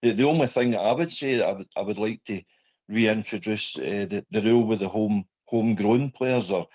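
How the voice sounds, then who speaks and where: A Scottish man on a football phone-in show, talking in a measured, wry way. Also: on the low side, a little mellow. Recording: dull lo-fi audio.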